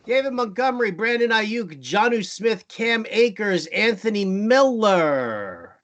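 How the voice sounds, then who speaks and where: A man's voice: very high voice, fairly bright tone. A man co-hosting a live fantasy football show, reading out viewer questions and joking around. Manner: jokey, quick-fire, rattles off player lists. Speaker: co-host.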